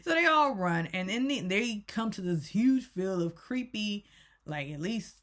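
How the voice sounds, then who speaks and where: A woman's voice: medium pitch, lively intonation, unhurried, fairly bright tone. A woman YouTuber giving a casual, rambling recap rant and often correcting herself. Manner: rambling, self-correcting, chatty. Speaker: YouTube reviewer.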